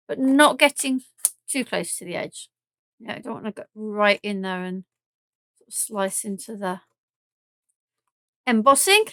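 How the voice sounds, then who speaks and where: A woman's voice: medium pitch, a bit bright, clean tone, no echo. A woman with a southern English accent chatting through a live craft demonstration, thinking aloud and joking at her own mess as she works. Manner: chatty and self-deprecating, thinking aloud while working.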